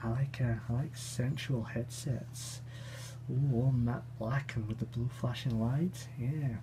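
A man voicing a sly, lecherous Scotsman in a put-on Scottish accent, with a low, slow, breathy purr. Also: steady tone, background noise, close to an everyday voice. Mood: leering.

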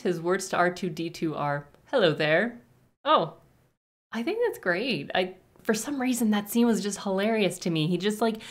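A young woman hosting a movie reaction, chatting casually and reading trivia in a gushing, rambling way. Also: on the low side.

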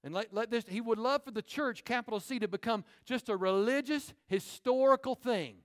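In a church sanctuary, a high-voiced pastor delivers a sermon with animated preaching. He makes quick asides to the congregation.

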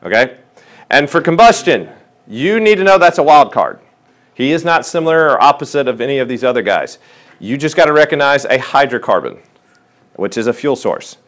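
A man's voice: mid-range voice, normal speed. A man tutoring a chemistry class, asking students questions as he works through problems in a classroom. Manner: lively, questioning teacher talk. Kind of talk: classroom lesson.

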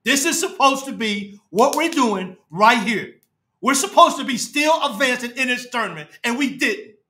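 A man hosts a fan show live from his apartment, distraught and halting. His voice sits high and bright. He repeats himself, stumbles over words, and often sinks low and quiet at the end of a phrase. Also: lively intonation. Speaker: fan podcast host. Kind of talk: emotional live-stream rant.

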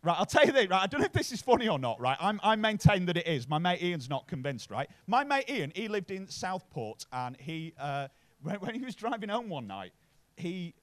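A man's voice: on the high side, big pitch swings, a little fast, a bit bright, no room sound. A man from Bury near Manchester with a Manchester-area accent, doing a sweary stand-up set in a comedy club, chatting with the crowd and tagging lines with "right?".

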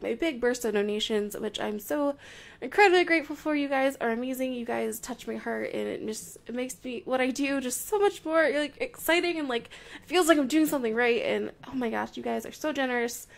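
A young woman giving casual, bubbly commentary over a game, gushing and playful, swinging between excited squeals and soft murmurs. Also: fairly high pitch, brisk, creaky. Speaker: Minecraft video creator.

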